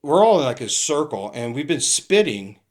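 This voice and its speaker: Laughing, animated middle-aged man telling stories. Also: mid-range voice, normal speed. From California. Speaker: retired police captain, guest. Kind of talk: casual storytelling.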